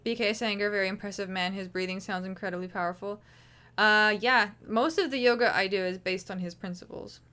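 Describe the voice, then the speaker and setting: A woman's voice: medium pitch, steady tone, brisk, bright, forceful tone, clear, resonant tone. Woman streamer rambling along, casual chat, swears a lot, keeps restarting sentences. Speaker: livestream host. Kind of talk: casual livestream commentary.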